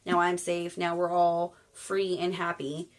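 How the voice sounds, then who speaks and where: A woman's voice: fairly low pitch, monotone, a little slow, natural voice, low-quality recording. A woman voicing a loyal, devoted male servant who explains earnestly.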